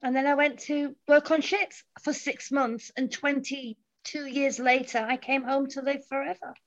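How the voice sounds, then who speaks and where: Woman from England, middle-aged, high-pitched, animated storyteller, dull lo-fi sound. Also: a little slow. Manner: animated, acts out quoted voices. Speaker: guest. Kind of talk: casual storytelling. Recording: dull lo-fi audio.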